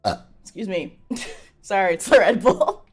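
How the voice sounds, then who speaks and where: A woman's voice: medium pitch, sing-song, unhurried, crowd noise. A woman streamer in casual livestream chat who burps between lines, giggles a lot and swears casually.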